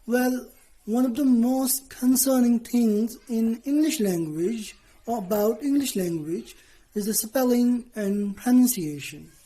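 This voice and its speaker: A woman teacher giving a lesson to students, speaking deliberately, spelling out letters and often checking in with "okay". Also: fairly high pitch, dark tone, rough recording.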